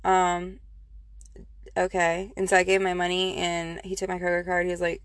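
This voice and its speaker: A woman's voice: lowish voice, monotone, normal speed, dry recording. A woman casually telling a personal story, rambling with many fillers and restarts.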